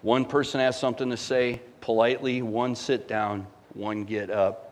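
A man preaching a sermon as pastor, emphatic and animated, swinging between loud swells and quiet drops. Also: mid-range voice, moderate pace.

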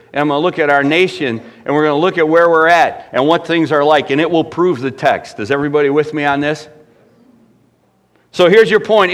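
Middle-aged guy preaching a sermon, kinda high voice, fired up, keeps asking the church questions. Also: fairly bright tone. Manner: preaching with rising fervor, rhetorical questions to the congregation. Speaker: pastor.

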